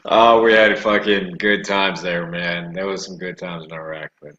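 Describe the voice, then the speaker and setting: A podcast host reminiscing in a laid-back, profane casual chat. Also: male voice, low-pitched, fairly even intonation, normal speed, sharp tone, dull audio, slight background noise.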